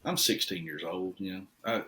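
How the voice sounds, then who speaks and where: A man, a custom truck shop owner telling stories as a podcast guest in a folksy, animated way. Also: low voice, moderate pace. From Tennessee. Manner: folksy, animated storyteller with lively swings in loudness. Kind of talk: casual podcast storytelling.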